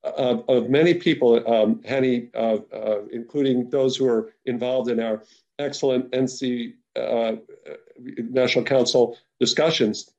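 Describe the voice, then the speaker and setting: Medium-pitched, gravelly, and somewhat dark, this man speaks unhurriedly with fairly even intonation, and the recording is muffled. He's a panelist at a policy webinar giving off-the-cuff comments, emphatic and earnest, though he keeps restarting and repeating words.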